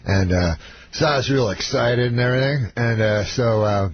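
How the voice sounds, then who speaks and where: A man, a comedian guest on a radio show, telling a rambling anecdote in a deadpan way, halting with many fillers. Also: medium pitch. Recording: dull lo-fi radio broadcast with noise.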